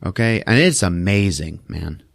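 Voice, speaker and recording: A man hosting a podcast, recapping a film in a casual, profane, animated storytelling manner. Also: low-pitched, moderate pace, vocal fry, no echo, clean studio sound. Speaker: podcast host.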